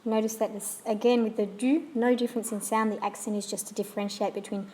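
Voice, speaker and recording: A woman teaching a pronunciation lesson, saying sounds and words slowly and clearly for the listener to repeat. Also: mid-range voice, fairly even intonation. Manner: slow, demonstrative, models sounds clearly. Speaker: language teacher.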